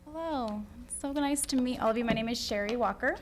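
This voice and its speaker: Woman parent at school board mic, fairly high voice, near tears, halting and apologetic. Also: background noise. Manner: emotional, tearful, apologetic, halting with many ums. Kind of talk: public comment.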